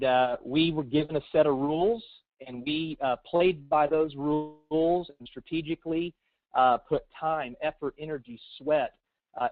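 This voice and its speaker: A man giving an earnest, reflective testimonial as a webinar guest, pausing often on fillers. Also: medium pitch, no room sound. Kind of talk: personal testimonial. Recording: dry tinny phone line.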